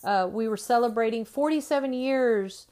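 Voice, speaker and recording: A woman's voice: a little high, normal speed, a little mellow. A woman in her forties giving an earnest faith-based motivational talk, repeating phrases and often asking "right?". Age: 40s. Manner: earnest, repetitive, with frequent "right?" tag questions. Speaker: Christian speaker.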